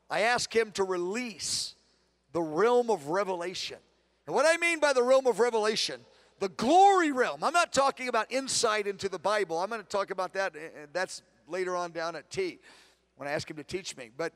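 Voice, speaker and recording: High-voiced man teaching on prayer. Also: lively intonation, normal speed. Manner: earnest, swings between hushed prayer and emphatic preaching; repeats words, self-corrects. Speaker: pastor teaching a prayer session. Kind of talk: conference teaching session.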